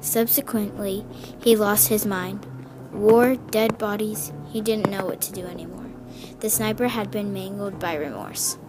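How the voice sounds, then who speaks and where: A woman's voice: medium pitch, steady tone, unhurried. Young woman narrator, story reading with light character shading, music bed underneath. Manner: reads dialogue with small voice changes. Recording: music clearly heard behind.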